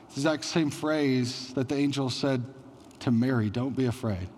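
A man's voice: medium pitch, darkish tone, big-room sound, a little hiss or hum. A man preaching a sermon as pastor, in a conversational style with frequent fillers.

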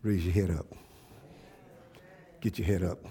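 A man's voice: sits low, unhurried. A male preacher giving a sermon, speaking. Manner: call-and-response preaching, rising to loud animated storytelling.

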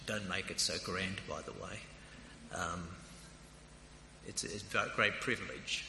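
A man's voice: sits low, measured pace, pauses often. An Australian man preaching a sermon in a conversational, anecdotal way, as principal of a theological college. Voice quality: introverted by nature. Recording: echoey hall with long reverb, faint noise.

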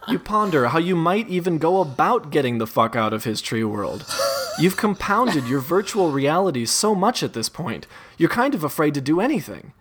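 A man reads out a choose-your-path adventure in the second person. His delivery is wry and deadpan, with laughter slipping through. His pitch moves in a lively way. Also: normal speed. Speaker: narrator.

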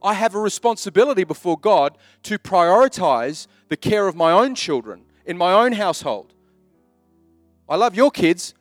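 A middle-aged male pastor preaches with a high, strongly swinging voice. He repeats his key lines and slips into small acted-out asides. The sound is dry and close. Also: no echo. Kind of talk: sermon.

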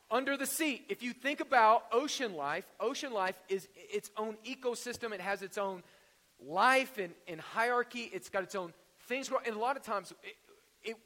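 A man's voice: high-pitched, sharp tone, long reverb tail. A man preaching a sermon in a conversational way, with jokes and rhetorical questions. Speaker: pastor.

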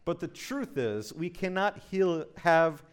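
A man's voice: on the high side, expressive, slow pace, smooth. A man preaching a sermon as pastor, intense and urgent, driving points home with emphatic repetition.

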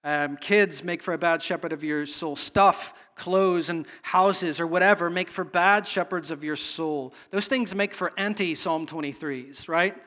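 A man's voice: fairly high pitch, bright, forceful tone. A man preaching a sermon in an earnest, searching way, often restarting his phrases. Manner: earnest, repetitive, halting restarts. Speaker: pastor.

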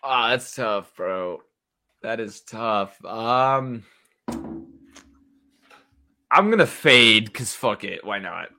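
A man's voice: fairly low pitch, lively intonation, extremely slow, long pauses, sharp tone. A man in a casual sports betting chat, laid-back and swearing freely, calling the others bro and dude.

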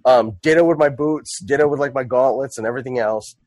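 A man's voice: mid-range voice, fairly quick, a little mellow, no room sound. A man playing a tabletop game, describing his character in a rambling way with many fillers and jokes. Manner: rambling, filler-heavy, joking. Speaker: player. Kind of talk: casual tabletop role-play.

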